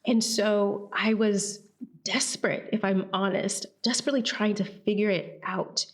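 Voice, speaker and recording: A woman from Atlanta, a guest on a podcast interview, telling her story in a lively way and acting out the voices of people she quotes. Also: medium pitch, a little slow. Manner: animated, acts out quoted voices.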